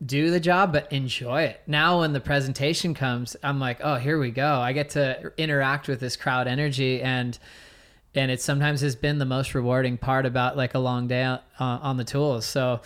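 A man being interviewed as a surf commentator, telling stories in a relaxed way with lots of fillers and easy laughs. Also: medium pitch, normal speed, clear, resonant tone. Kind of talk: casual interview storytelling.

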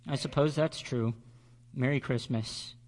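A man's voice: mid-range voice, a little fast, a little mellow, natural voice. A man voicing a lonely young male bunny in a storybook, plaintive and sniffling. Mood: tearful.

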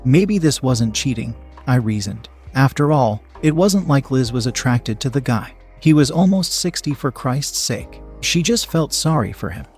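A man's voice: medium pitch, animated, unhurried, a little mellow, breathy edge, soft background music. A man narrating a first-person story in a tense, confessional way.

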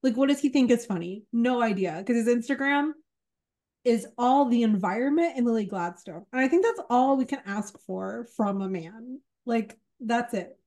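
A woman's voice: fairly high pitch, lively intonation, normal speed, mellow. A woman on a casual film panel, chatty, with joking asides and lots of fillers.

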